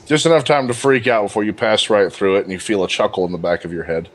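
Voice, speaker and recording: A man's voice: fairly low pitch, steady tone, fast talker. A man narrating as game master of a tabletop game, laughing often and teasing his players.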